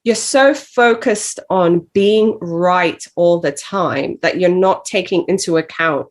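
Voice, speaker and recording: A woman co-hosting a book podcast, talking in a thoughtful, measured way with many "you know"s. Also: lowish voice. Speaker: podcast co-host discussing a book. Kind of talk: casual chat.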